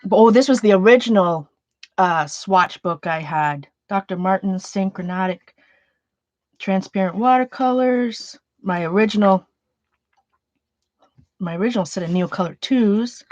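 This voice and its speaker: A woman talks casually while sorting art supplies. She rambles, trails off and restarts her sentences. Her pitch sits in the middle, and the lo-fi home recording sounds dull, with her voice moving closer to the mic and then away. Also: measured pace, pauses often, dry recording. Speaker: art journaling vlogger.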